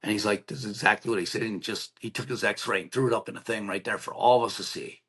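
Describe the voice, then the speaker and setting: A middle-aged man with a somewhat low voice recounts a painful memory as a podcast guest. He talks in an earnest, plainspoken way and slips into the voices of the people he quotes. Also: quick pace, fairly bright tone, breathy edge. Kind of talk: emotional personal storytelling.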